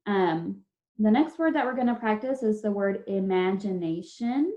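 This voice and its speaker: Over a dull, lo-fi video call, a woman teacher patiently leads children through a spelling lesson, sounding out every syllable and letter step by step. Her medium-pitched voice is expressive and mellow, at a moderate pace.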